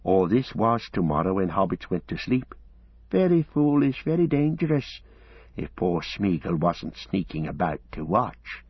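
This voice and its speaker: A man voicing a wretched, sly male creature who hisses and wheedles, jumping up to thin high squeaks. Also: sing-song, unhurried, breathy edge, no room sound, lo-fi sound, exaggerated voice. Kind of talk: audiobook character voice.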